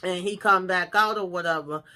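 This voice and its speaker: A woman hosting a casual reality TV episode recap, talking in an animated, profane, exclamatory way. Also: fairly low pitch, moderate pace.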